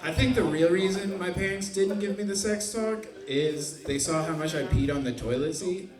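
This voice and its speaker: A man's voice: sits high, moderate pace. Self-deprecating male comic, twenties, crowd murmur in an echoey club. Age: 20s. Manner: awkward, self-deprecating deadpan. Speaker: stand-up comic. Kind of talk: stand-up comedy set. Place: comedy club stage.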